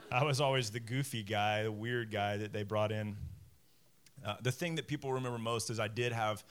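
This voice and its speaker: A man in his forties preaching a sermon from a church stage, animated and self-deprecating, acting out voices as he goes. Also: lowish voice, normal speed, clear, resonant tone. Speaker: pastor. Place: church stage before a congregation.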